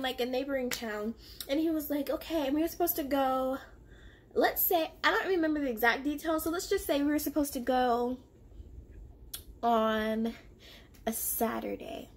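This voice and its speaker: A young woman with a high voice tells a story from her own past at a moderate pace, casual in tone. Like a storytelling vlogger, she acts out the other people's lines in an animated, confrontational way.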